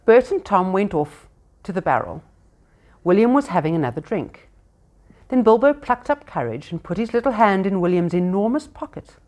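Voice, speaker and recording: A woman reading a storybook aloud to children, expressive and unscripted, with small slips. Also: medium pitch, normal speed. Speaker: reader to children.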